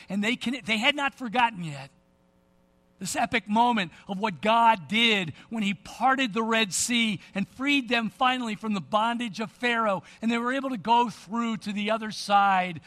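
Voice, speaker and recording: A man preaching a sermon, retelling scripture in an animated storytelling way with casual asides. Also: high-pitched. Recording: long reverb of a big hall.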